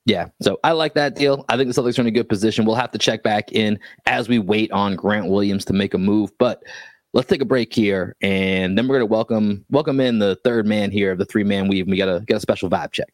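Easygoing podcast host. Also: male voice, fairly low pitch, brisk, dry recording. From Boston area. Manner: easygoing, stumbles and restarts when explaining. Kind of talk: casual sports podcast chat.

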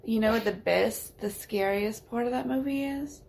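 A woman co-hosting a podcast in casual chat, blunt and swearing, with quick asides. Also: fairly high pitch, gravelly, darkish tone. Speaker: podcast co-host.

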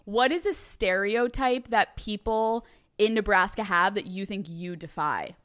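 A woman's voice: mid-range voice, unhurried, a bit bright, clean tone. A young woman from outside Philadelphia hosting a podcast, talking in a chatty, casual way and laughing often. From near Philadelphia, USA. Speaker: podcast host. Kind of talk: casual interview chat.

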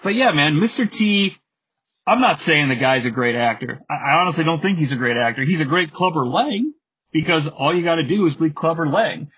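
A man's voice: fairly high pitch, animated, a little fast, a bit bright, slightly rough, highs cut off. A man in his thirties hosting a podcast, giving chatty, digressive solo commentary. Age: 30s. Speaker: podcast host.

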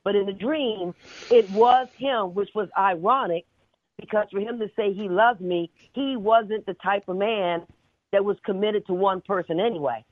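A woman calling in to a radio show, a fast, chatty storyteller. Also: mid-range voice, dry recording. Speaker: caller. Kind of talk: telling a dream on a call-in show. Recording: tinny phone line.

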